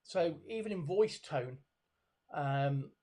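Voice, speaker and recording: A middle-aged man with a somewhat high voice talks as an expert guest over a webcam call. He hesitates often, restarting phrases and filling gaps with ums and you-knows. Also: lively intonation, slow pace, a little mellow. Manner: hesitant, many fillers and restarts. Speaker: body language expert guest. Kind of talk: conversational video call interview. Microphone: video call webcam.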